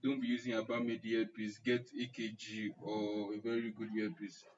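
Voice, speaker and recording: A Nigerian man instructing an online class chats and jokes with his live-stream audience, answering chat comments by name. His voice sits fairly low with little pitch movement, at a normal speed. The muffled, distant stream carries a little hiss or hum.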